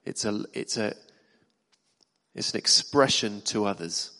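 A man's voice: lowish voice, unhurried, pushed and bright. A man preaching a sermon in a church hall, talking conversationally and asking the congregation questions. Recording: long reverb of a hall.

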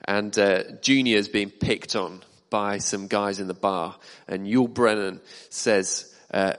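Preacher man with a low voice. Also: fairly even intonation, measured pace, fairly bright tone. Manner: conversational, asks the congregation questions. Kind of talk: sermon. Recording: long reverb of a hall.

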